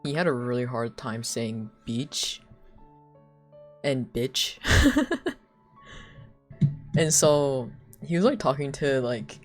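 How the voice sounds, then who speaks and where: A woman's voice: rumbling low, lively intonation, takes it slowly, pauses often, soft background music. A young woman streaming live, chatting casually in a rambling, giggly way with lots of filler words. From United States.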